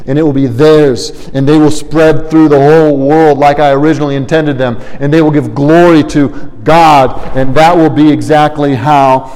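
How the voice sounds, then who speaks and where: Male preacher playing a resolute savior, solemn, slightly high-pitched, in a reverberant hall. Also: moderate pace, hardly any pauses, lightly acted. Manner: steady, solemn promises. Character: Jesus, calm male savior vowing to reclaim the earth. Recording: long reverb of a large hall.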